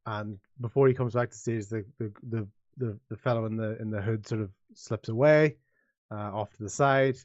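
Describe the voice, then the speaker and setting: A man's voice: fairly low pitch, steady tone, normal speed, darkish tone, no echo, highs cut off. A man narrating a tabletop game as game master, rambling with many restarts. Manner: rambling, full of restarts, voicing many characters.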